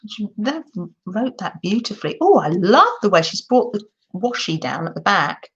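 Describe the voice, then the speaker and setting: A woman's voice: mid-range voice, big pitch swings, normal speed. An older woman, gushing in a casual livestream chat while she shows crafts to viewers. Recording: dull lo-fi sound.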